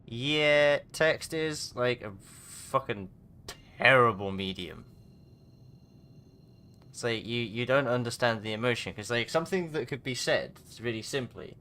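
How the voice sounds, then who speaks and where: A man's voice: medium pitch, animated, moderate pace, pushed and bright. A man chatting casually and rambling as he streams a space trading game from home. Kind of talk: casual chat while gaming.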